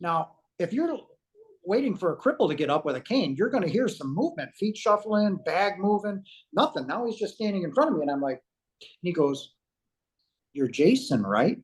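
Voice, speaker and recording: A man's voice: high-pitched, big pitch swings, moderate pace, low-quality recording. A man, a guest on an interview show, retells a personal story at length, with acted-out quotes and frequent fillers.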